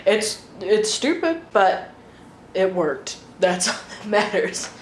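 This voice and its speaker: A woman's voice: mid-range voice, very animated, takes it slowly. A woman co-hosting a podcast in casual chat, blunt and swearing freely. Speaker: podcast co-host. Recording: echoey room with faint hiss.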